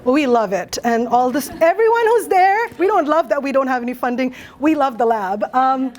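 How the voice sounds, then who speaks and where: A native Bengali-speaking woman in middle age presents her academic research. Her voice sits a little high, and she talks thoughtfully and earnestly, pausing on fillers and restarting her phrases.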